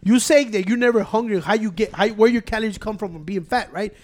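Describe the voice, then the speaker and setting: Man, young adult, high-pitched, dry close sound, swearing, worked up. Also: fast talker, dry recording. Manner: mixes Spanish and English, swears, gets loud and worked up. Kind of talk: casual chat.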